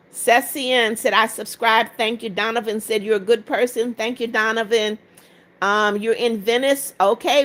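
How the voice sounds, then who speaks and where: A woman's voice: on the high side, a bit bright. A woman in her seventies hosting a live stream, tired after hours of talking, reading each viewer comment aloud and answering it briefly. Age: 70s. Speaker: livestream host.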